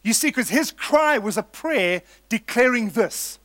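A man's voice: very high voice, lively intonation, unhurried, a bit bright, dry recording. A man preaching a sermon in an earnest, emphatic way, building points through repetition and calling his listeners folks.

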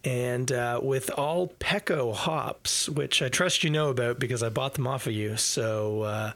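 Gravelly-voiced relaxed male podcast host. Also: mid-range voice, measured pace. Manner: relaxed, hesitant with many uh's. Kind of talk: casual chat.

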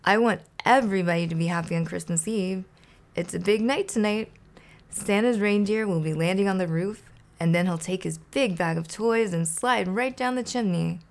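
A woman voicing a big, gentle, innocent bird in an earnest way while reading a children's storybook aloud. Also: medium pitch, moderate pace, creaky, close to an everyday voice.

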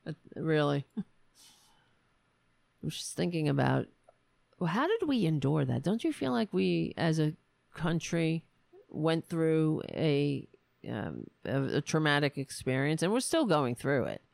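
A woman's voice: low-pitched, very animated, slow pace, creaky, a little mellow, dry recording. A woman hosting a political commentary show, talking in a sarcastic, profane and exasperated way. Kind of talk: casual political rant.

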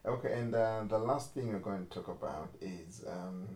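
A man's voice: fairly low pitch, moderate pace, a little mellow. A man co-hosting a podcast in casual chat, rambling and correcting himself, laughing often. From Africa. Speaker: podcast co-host. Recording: roomy echo with faint ambience.

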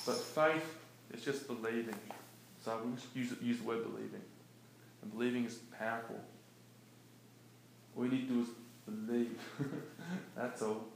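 A man giving a casual, animated teaching talk about faith, conversational and laughing often. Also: mid-range voice, normal speed, creaky. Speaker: preacher. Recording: echoey room with faint noise.

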